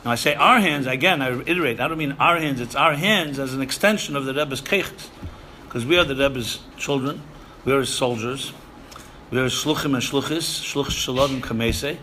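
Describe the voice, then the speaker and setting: Emphatic bright-voiced man lecturing. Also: mid-range voice, normal speed, slight background noise. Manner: emphatic, repeats phrases, Yiddish and Hebrew terms. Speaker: rabbi lecturing seminary students. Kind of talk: sermon-style lecture.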